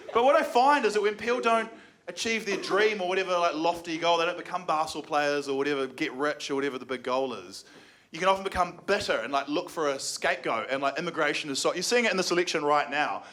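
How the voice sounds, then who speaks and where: A young New Zealand man doing stand-up comedy live, sarcastic and excitable, now and then jumping into shouted mocking voices. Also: a little high. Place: comedy venue with live audience. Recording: live show with audible crowd. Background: audience laughter.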